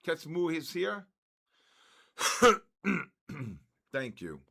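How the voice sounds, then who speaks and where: Older male stream host, gravelly and slow-paced, excitable, voice worn out. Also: on the high side. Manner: excitable, calls out chat names. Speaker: trading livestream host. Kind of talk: live trading stream chat.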